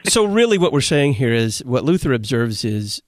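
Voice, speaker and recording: A man from Texas hosting a theological radio discussion, asking his questions in a measured, deliberate way. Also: mid-range voice, sing-song, noisy background. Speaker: radio host.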